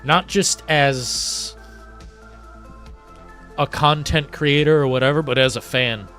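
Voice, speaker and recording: A frustrated man vents on his live stream, cursing freely and lurching between low grumbles and sudden shouts. His voice sits at an ordinary pitch with a bright, forceful edge. Soft background music plays faintly under him. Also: fairly even intonation, slow. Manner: frustrated, profane, swings from muttering to shouting; reads chat messages aloud. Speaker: livestream host. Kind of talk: ranting live chat.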